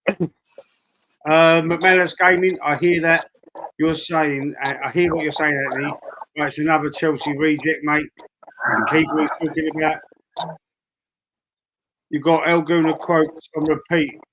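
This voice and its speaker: A man hosting a live fan stream, calmly reading out chat and moderating. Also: on the high side, a little slow, long pauses, noisy background. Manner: easygoing, reads chat aloud. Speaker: stream host.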